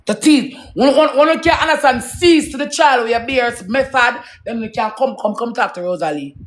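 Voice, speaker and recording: A woman's voice: on the high side, moderate pace, few pauses. A woman with a Jamaican accent in a heated, profane, preachy rant to her viewers.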